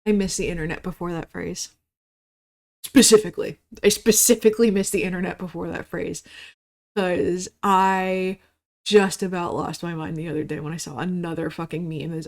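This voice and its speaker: A woman's voice: on the low side, little pitch movement, moderate pace, a little mellow. A woman in her thirties hosting a podcast, rambling casually in a solo monologue, swearing often and mock-ranting. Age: 30s. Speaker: podcast host.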